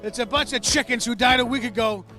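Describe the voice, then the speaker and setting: A male co-host doing a rowdy comedic bit, joking and shouting directions. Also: very high-pitched, fast, faint music behind.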